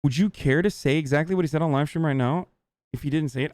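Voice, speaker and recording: A man's voice: fairly high pitch, lively intonation, darkish tone, dry recording. Agitated, cursing male streamer. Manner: profane, agitated, halting restarts. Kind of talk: heated live-stream rant to chat.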